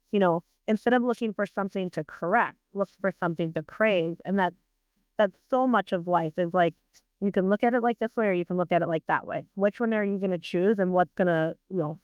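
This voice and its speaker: A woman's voice: mid-range voice, smooth, no echo. A woman hosting a podcast interview, answering her guest with reflective, affirming remarks in a casual tone. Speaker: podcast host. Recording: dull, slightly lo-fi dry sound.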